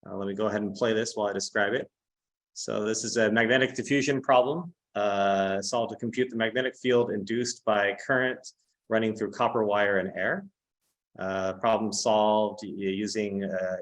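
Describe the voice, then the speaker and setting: A man hosting an online workshop, explaining technical animations in a relaxed way with frequent "uh" fillers. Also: lowish voice, rough recording. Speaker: workshop host announcing contest winners. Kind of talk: presenting over a video call.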